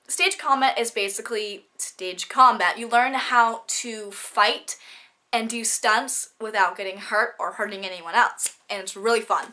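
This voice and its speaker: A woman's voice: a little high, pushed and bright. A teenage girl vlogging about her school classes in a bubbly, gushing way, sounding stuffy from a cold. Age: teens. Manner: bubbly, gushing, rapid chatter. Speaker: student vlogger. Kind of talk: casual vlog chat.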